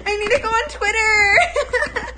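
A woman's voice: very high voice, slow pace, sharp tone, a little hiss or hum, pitched above the performer's own voice, heavily acted. A woman putting on a ditzy young valley girl with a Californian valley girl accent, shrieking and breathless with laughter. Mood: hysterical.

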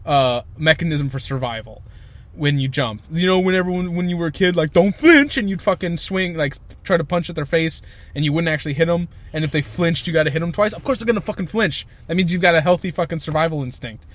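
Speaking quickly in a voice on the high side, a young podcast co-host launches into emphatic rants. The talk is a casual chat, and he curses frequently.

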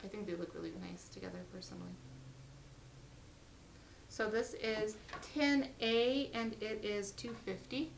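A woman's voice: medium pitch, a little slow, creaky, pauses often, recorded from a distance, slight background noise, rough recording. A woman hosting a live jewelry sale, chatty and upbeat as she reads out lot numbers and prices, her voice getting worn. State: losing her voice.

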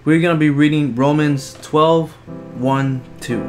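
A young man giving excited gameplay commentary as a video host, chattering nervously and shouting when he wins. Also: a little high, measured pace, over music.

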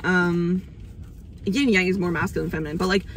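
A woman's voice: lowish voice, fairly even intonation, fairly quick, a little hiss or hum. A young woman hosting an astrology channel, rambling in a casual spiritual monologue, swearing freely, and getting emotional at times.

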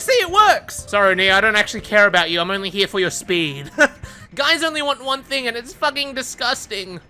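A man riffs over his gameplay with a lively voice that leaps up and down in pitch. His tone is bright and cutting, full of laughter and playful swearing. Faint music runs behind him. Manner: playful trash talk, frequent swearing and laughter. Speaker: gaming streamer. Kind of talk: gameplay commentary.

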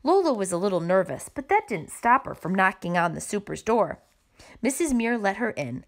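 A woman reading a children's picture book aloud with expressive narration. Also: mid-range voice, moderate pace. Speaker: storybook reader.

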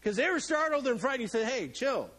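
A man's voice: very high-pitched, fast, fairly bright tone, poor audio. A middle-aged male pastor preaching a sermon in a church, joking and acting out the people in the story. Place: church sanctuary.

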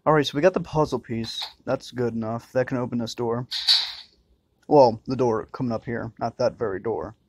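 A man's voice: mid-range voice, steady tone, moderate pace, darkish tone, no room sound. A man doing crude, joking commentary while playing a horror game, muttering and swearing to himself. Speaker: let's-play gamer.

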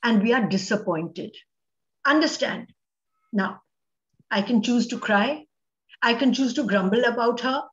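A woman with an Indian English accent gives a motivational talk as a guest speaker, her voice high and ringing. She speaks a little slowly with frequent pauses and dramatic emphasis, mixing Hindi phrases into her English. The audio is echoey and roomy, with a muffled lo-fi quality.

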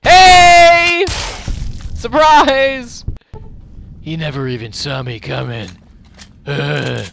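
A man giving let's play commentary over his gameplay. He reacts loudly and profanely, talks back at the enemies and mutters while he loots. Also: mid-range voice, noisy background. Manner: excitable, profane, talks to the game as he plays. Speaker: gaming commentator.

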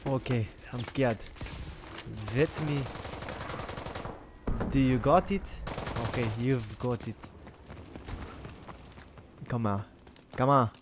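A man's voice: mid-range voice, slow pace, pauses often, noisy background. A man giving casual gameplay commentary, playfully taunting and trash-talking his opponents. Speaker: gaming channel host. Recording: loud game gunfire behind voice.

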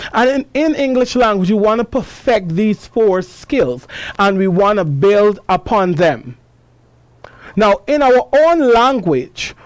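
Female teacher, unhurried and deliberate, dry studio sound. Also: medium pitch, a little mellow, dry recording. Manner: slow, deliberate, asks questions and answers them; reads passages aloud with expression. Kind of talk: classroom lesson on television.

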